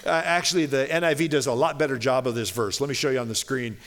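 A man teaching a Bible passage in a sermon, reading verses slowly and explaining them in a casual way, with many fillers and restarts. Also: medium pitch, fairly even intonation, a bit bright. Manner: conversational, many "you know" fillers and restarts; reads scripture slowly and deliberately.

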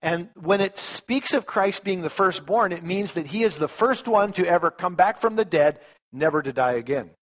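A man's voice: high-pitched, normal speed. A male pastor preaching a sermon in a conversational way, telling stories with lots of restarts. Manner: conversational, animated storytelling, frequent restarts. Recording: dull lo-fi recording.

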